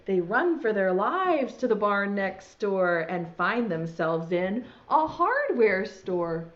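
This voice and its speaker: A woman's voice: medium pitch, very animated, takes it slowly. A woman teaching preschool online, reading a storybook aloud in a sing-song voice and talking straight to young children. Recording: dull lo-fi sound.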